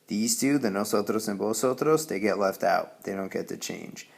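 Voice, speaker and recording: Male Spanish teacher, low gravelly voice, patient explainer who keeps asking "okay?". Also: lively intonation, moderate pace. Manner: patient, repeats "okay?" to check understanding. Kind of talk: classroom grammar lesson.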